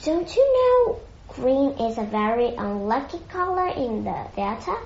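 A woman voicing a vain, cross stage actor who booms and growls dramatically. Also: sing-song, unhurried, a little mellow, a little hiss or hum, heavily acted. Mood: indignant. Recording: echoey muffled lo-fi recording.

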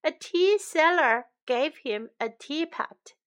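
A woman reading a children's story bilingually, line by line, in a clear and gentle way. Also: sits high, animated, takes it slowly.

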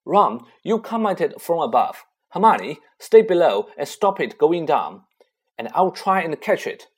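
A man's voice: a little high, big pitch swings, a little slow, breathy edge, pitched above the performer's own voice, full character voice. A man voicing a brave eleven-year-old boy giving urgent orders to his friends. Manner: urgent, commanding.

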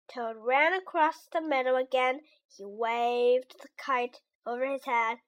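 A woman reading a children's storybook aloud in a slow, clear and deliberate way. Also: sits high.

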